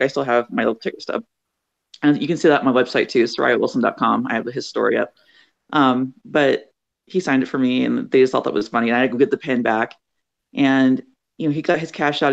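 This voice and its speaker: Middle-aged woman author guest, fry in the voice, acts out her stories; muffled call sound. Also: a bass voice. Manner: acts out quoted voices, chatty. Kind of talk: animated storytelling in an interview.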